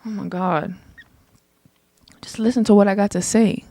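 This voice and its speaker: A young woman hosting her own podcast, talking casually and passionately, her voice climbing high when she gets heated. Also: fairly even intonation, moderate pace, mellow, no room sound, studio quality. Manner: passionate, emphatic, rises into heated rants. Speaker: podcast host. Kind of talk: casual solo podcast monologue.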